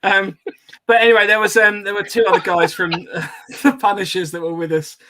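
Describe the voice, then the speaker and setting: A man's voice: sits high, little pitch movement, a little fast, noisy background. A man hosting a podcast, telling a story in casual chat with many ums and laughing asides. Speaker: podcast host.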